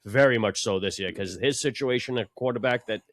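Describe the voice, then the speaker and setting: A man's voice: mid-range voice, a little fast, fairly bright tone, no echo, clean studio sound. A man co-hosting a casual sports podcast, talking with profanity and a sarcastic edge, often mocking people in put-on quotes. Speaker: podcast co-host.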